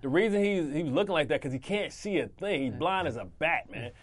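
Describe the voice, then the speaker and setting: A man's voice: fairly high pitch, fairly quick. A man in his forties, a former football player, telling stories in a casual interview, laughing and acting out what others said. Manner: animated, laughing storyteller who acts out quotes.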